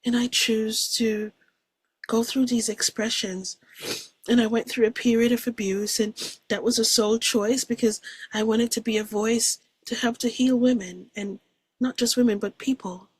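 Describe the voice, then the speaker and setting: A woman giving an earnest, reflective spiritual testimony as a guest, speaking softly and often dropping to a hush. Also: on the high side, steady tone, moderate pace, slightly rough, no room sound. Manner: soft-spoken, reflective and earnest. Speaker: guest describing a near-death experience.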